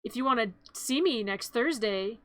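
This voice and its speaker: A woman's voice: a little high, animated, moderate pace, a bit bright, dry recording. A woman doing an eager young man. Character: nervous, eager young man asking for a date.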